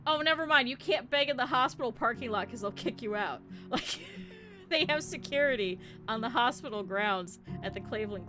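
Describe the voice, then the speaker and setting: A woman streamer telling stories to her chat in a casual way. She is animated, laughs often and swears casually. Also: high-pitched. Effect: cartoon avatar streamer, talking over game music.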